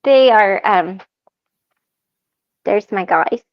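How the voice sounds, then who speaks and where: A woman chatting as a guest, telling lively stories and laughing often. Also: medium pitch, very slow. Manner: animated storyteller, laughs often. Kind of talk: casual chat. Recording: slightly muffled sound.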